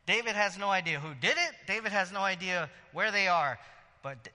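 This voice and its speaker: A man preaching a sermon in a lively, conversational way, with quick asides and laughter. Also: high-pitched, big-room sound. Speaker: pastor.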